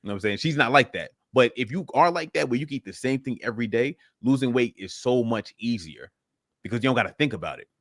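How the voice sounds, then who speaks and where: A man's voice: medium pitch, expressive, fast, a bit bright, no room sound, clean studio sound. A man hosting a live fitness Q and A, talking casually and filling his speech with "you know what I'm saying". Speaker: fitness host answering live questions. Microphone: livestream setup.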